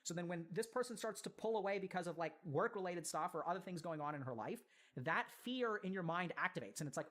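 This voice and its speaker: Fast-talking earnest mental health commentator. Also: medium pitch, lively intonation, fairly bright tone. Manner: earnest, explanatory, fills with "like" and "right?". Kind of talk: explaining a viewer's letter in a video.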